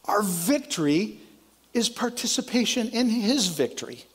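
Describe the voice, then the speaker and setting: A man's voice: animated, unhurried, slightly rough. A man preaching a sermon as pastor, earnest and conversational, often restarting his sentences. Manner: lowers voice to a soft, quiet prayer.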